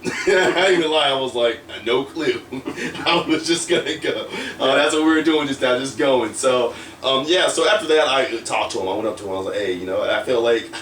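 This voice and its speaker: A man's voice: mid-range voice, normal speed, fairly bright tone. A man telling a story in a casual interview, rambling and full of fillers, acting out quoted lines. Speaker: wrestler guest. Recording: roomy echo, distant from mic, faint noise.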